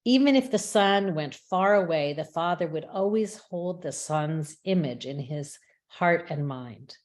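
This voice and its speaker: A woman giving a measured, reflective prepared talk as a webinar speaker, with small restarts now and then. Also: sits low, animated, darkish tone. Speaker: rabbi and chaplain speaker. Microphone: webinar microphone.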